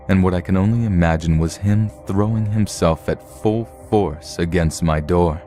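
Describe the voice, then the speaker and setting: Deep-voiced man reading horror stories. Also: soft background music. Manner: steady, measured storytelling read. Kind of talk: scripted horror story narration.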